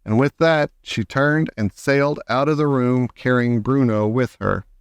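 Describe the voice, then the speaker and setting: A man narrating a children's novel aloud in a steady storytelling manner. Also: medium pitch, a little slow, clean tone, dry recording. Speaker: audiobook reader. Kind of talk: scripted narration.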